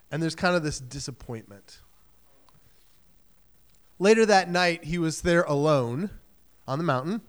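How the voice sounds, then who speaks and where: A pastor from Michigan giving a sermon in a conversational way, acting out quoted voices and often saying "like" and "right?". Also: male voice, fairly high pitch, clear, resonant tone.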